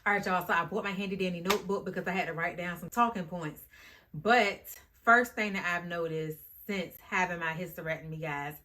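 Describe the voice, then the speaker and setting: A woman with a fairly low speaking voice chats straight to her camera as a vlogger. She is animated and informal, and she keeps turning to her viewers as "y'all" and "guys". Her tone is loose and conversational. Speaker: YouTube vlogger. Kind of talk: casual talk to camera.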